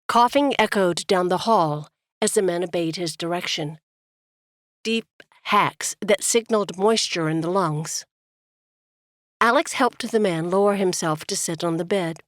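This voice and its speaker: A woman with a lowish voice narrates an audiobook at a steady, measured pace. The recording is dry, with clean studio sound.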